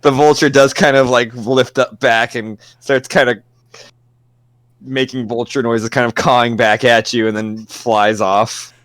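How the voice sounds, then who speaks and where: A man's voice: medium pitch, level tone, a little slow, fairly bright tone, no room sound. A man running a tabletop game as game master, narrating casually with loose, rambling descriptions and frequent laughs.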